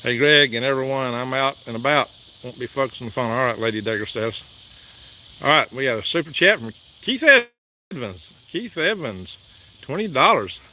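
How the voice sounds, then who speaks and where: A man's voice: mid-range voice, bright, forceful tone, a little hiss or hum. A man, hosting a casual live vlog from his farm and reading viewer messages aloud in a chatty, folksy way. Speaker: livestream host. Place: outdoors on a farm, in and around a truck. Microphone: phone held by the speaker.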